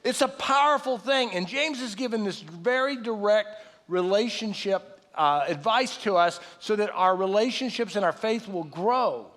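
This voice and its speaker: High-voiced man in his fifties preaching. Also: moderate pace, hardly any pauses. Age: 50s. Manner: animated, folksy preaching with self-deprecating asides. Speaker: pastor. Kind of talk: sermon. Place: large church hall. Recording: live sermon with long hall reverb.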